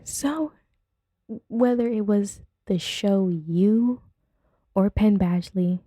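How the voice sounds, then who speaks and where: A woman's voice: mid-range voice, mellow, breathy edge, dry recording, studio quality. A woman hosting a casual podcast from home, whose first language is not English, chatting in a rambling, giggly way and getting sidetracked easily. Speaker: podcast host. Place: at home with her dog nearby.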